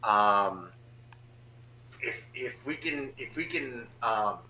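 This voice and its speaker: A man talking casually and excitedly on a podcast, rambling with lots of restarts. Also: mid-range voice, slow, reverberant, slight background noise, rough recording.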